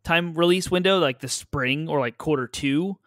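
Higher-voiced man co-hosting, casual. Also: normal speed, fairly bright tone, dry recording. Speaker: podcast co-host. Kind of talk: casual chat.

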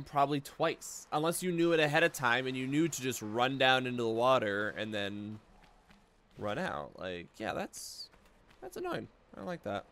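A man streaming a video game, giving casual, excitable commentary full of swearing and jokes. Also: medium pitch. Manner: excitable, profane, joking.

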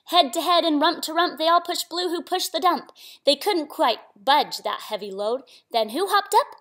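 A woman's voice: high-pitched, normal speed, a bit bright. A woman hosting a children's story channel, reading a picture book aloud in a sing-song manner and asking the young listeners questions.

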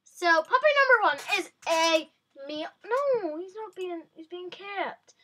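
Excitable high-voiced woman vlogger. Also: a little slow, slight background noise. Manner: excitable, chatty, talks to viewers. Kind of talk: casual gameplay commentary.

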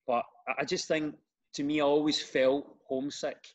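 A middle-aged Glaswegian man, a comedian and radio host, chatting as a podcast guest and telling animated stories with lots of restarts. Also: on the high side, moderate pace. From Scotland. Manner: animated storyteller, repeats words when starting sentences. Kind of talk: casual interview chat.

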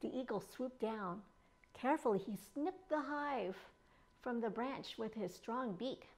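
A children's librarian reads a picture book aloud for young listeners, with a slightly high voice. Her delivery is expressive and playful, and she adds lively sound effects as she reads. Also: unhurried. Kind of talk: storybook read-aloud for children.

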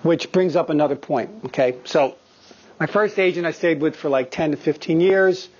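A man's voice: fairly high pitch, moderate pace. A man in his fifties, a guest actor telling candid, profane stories to acting students in a studio. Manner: profane, animated storyteller. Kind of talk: candid anecdotal talk. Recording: slightly dull lo-fi recording.

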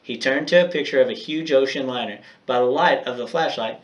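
A man's voice: medium pitch, a little fast, distant mic, dull audio. Man reading a storybook to his class. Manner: direct, encouraging address to his class. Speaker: teacher. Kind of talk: reading aloud to students, then homework recap.

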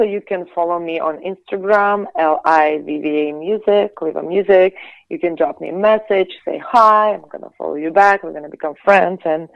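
A woman from Latvia, a singer and actress, talking casually as an interview guest in quick bursts full of restarts and fillers. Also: low-pitched, creaky, dry recording. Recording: dull, dry lo-fi audio.

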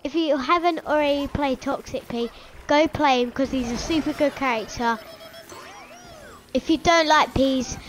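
A woman's voice: sits high, moderate pace, a little hiss or hum. A woman hosting a gaming channel, giving playful commentary over her match and teasing her teammates. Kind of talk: gameplay commentary.

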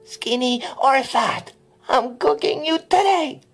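Old witch for a storybook: cruel, sugary, very high, played by a man. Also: lively intonation, slow, gravelly, fairly bright tone, faint music behind, exaggerated voice. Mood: menacing.

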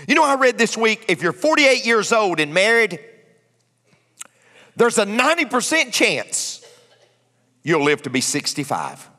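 A man preaching a sermon, swinging from hushed asides to shouted lines. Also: high-pitched, sing-song, normal speed. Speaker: pastor. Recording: echoey church hall.

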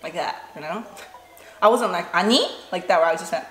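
A brisk woman with a lowish voice, Korean-born and in her forties, speaks Korean natively. She's a vlogger telling a casual story during a mukbang, sprinkling in plenty of "you know" and "like." The room sounds roomy, with faint background noise.

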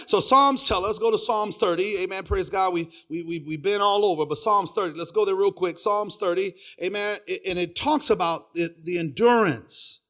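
A middle-aged male pastor preaching a sermon, filling it with "praise God" and "hear me," swinging between hushed asides and loud sung preaching. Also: sits high.

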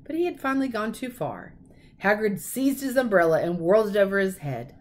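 Female teacher narrating a storybook reading, expressive and lively. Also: mid-range voice, a little fast.

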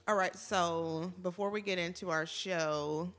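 Woman, podcast host, casual chat, bright tone, lowish pitch, laughs a lot. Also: fairly even intonation, measured pace, faint music behind. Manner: laughs often, runs the segments.

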